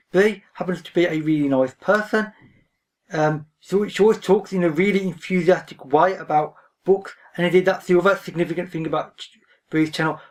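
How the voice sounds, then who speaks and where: A man vlogging about books in a casual, rambling way, reserved in manner. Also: a little high. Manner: reserved, rambling, often says "frankly". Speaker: book vlogger. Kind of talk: casual talk to camera. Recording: voice a bit distant from the mic.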